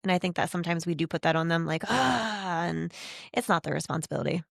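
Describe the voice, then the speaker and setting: A woman hosts a faith conversation in a chatty, effusive way, full of fillers. Her voice sits a little low with a gravelly fry. The sound is dry and close. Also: flat delivery, racing, no echo. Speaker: podcast host.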